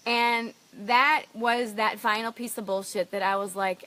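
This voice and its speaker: A woman's voice: medium pitch, steady tone, a little slow, bright, forceful tone. A middle-aged woman coach telling a personal story with emotional, emphatic earnestness and frank swearing. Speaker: life coach.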